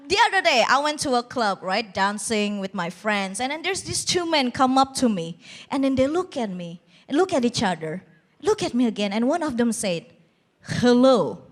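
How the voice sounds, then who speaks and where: A woman's voice: high voice, fairly bright tone. A young woman performing a stand-up comedy routine on a TV competition stage, with a bold, teasing, self-mocking delivery.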